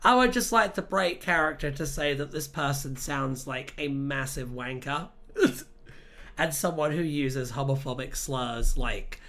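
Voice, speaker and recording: A livestream host chatting casually with viewers while reading, in a mid-pitched voice. The delivery is chatty and sweary, full of quick asides to chat. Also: sharp tone.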